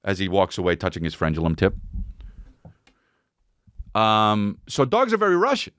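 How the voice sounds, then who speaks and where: A man hosting a podcast, telling a crude comic story in an animated way and slipping into goofy voices. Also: on the low side, normal speed, clean tone, no echo, studio quality. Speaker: podcast host. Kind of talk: comedic storytelling monologue.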